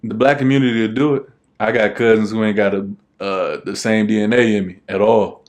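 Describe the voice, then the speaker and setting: A young man with a fairly low voice co-hosts a podcast, talking in a loose, easygoing way. He rambles and fills gaps with plenty of ums and uhs. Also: steady tone, a little fast. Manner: laid-back, rambling with many fillers. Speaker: podcast co-host. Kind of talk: casual chat.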